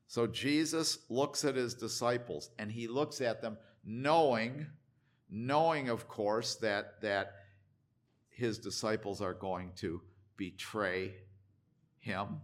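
Slow, emphatic older male preacher. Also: fairly low pitch. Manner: emphatic, repetitive, swings between loud and hushed. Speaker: pastor. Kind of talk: sermon. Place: church.

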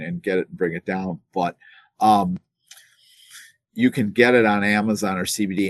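Low-voiced man teaching the Bible, halting. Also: no echo. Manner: digressive, halting, repeats words while thinking. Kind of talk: casual livestream Bible teaching. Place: home.

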